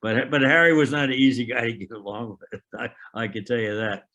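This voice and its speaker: A man in his eighties telling an oral history of his army years, a halting storyteller who restarts often and acts out remembered dialogue. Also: mid-range voice, steady tone, sharp tone, muffled recording. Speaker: veteran interviewee.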